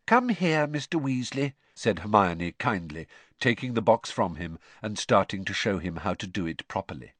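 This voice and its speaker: A man's voice: low voice, normal speed, a bit bright, dry recording. A man narrating a novel in an audiobook reading, telling the story expressively. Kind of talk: scripted narration.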